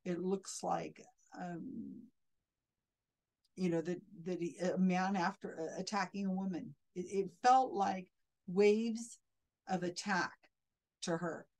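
A woman's voice: fairly low pitch, steady tone, slow, a little mellow, low-quality recording. A woman commenting critically on a video clip as a skeptic, sounding indignant and often restarting her sentences.

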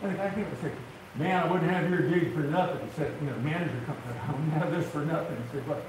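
A man's voice: fairly high pitch, racing. An older man telling funny stories as a woodworking TV host to a live audience, a folksy storyteller who gets worked up. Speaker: woodworking TV host giving a talk. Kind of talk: humorous live talk to an audience. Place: large event hall, live audience. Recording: echoey hall, distant mic, audience noise.

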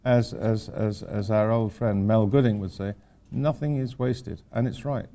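A man's voice: fairly low pitch, fairly even intonation, normal speed, dark tone. An older man, an architect giving an informal lecture, rambling through anecdotes with wry asides.

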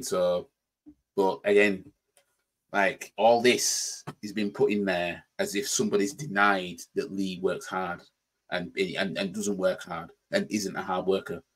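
Yorkshire man, fairly low voice, casual reaction commentary, rambling, restarts words. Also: breathy edge. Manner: rambling, repeats words while thinking. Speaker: reaction channel host.

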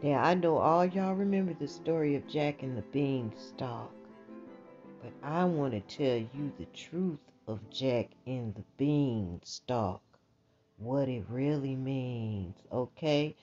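A woman telling a bedtime story in a low, slow, mellow voice, casual and animated. She talks in a chatty, emphatic way. The recording is dull and lo-fi, with faint music behind her.

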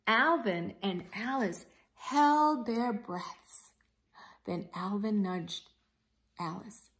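A woman reading a children's picture book aloud as a teacher, expressive and pausing to ask her young listeners questions. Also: mid-range voice. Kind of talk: children's story read-aloud.

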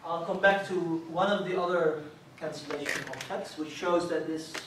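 A man's voice: a little high, steady tone. A man giving an academic colloquium talk, explaining step by step and checking in with "right?". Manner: measured, explanatory, frequent "right?" check-ins. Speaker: lecturer. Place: lecture room. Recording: echoey hall, mic far off, faint hiss.

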